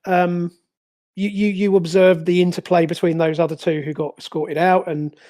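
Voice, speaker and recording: A game master narrating a tabletop game, pausing often with fillers and restarts. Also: medium pitch, little pitch movement, darkish tone. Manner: hesitant, many fillers and restarts.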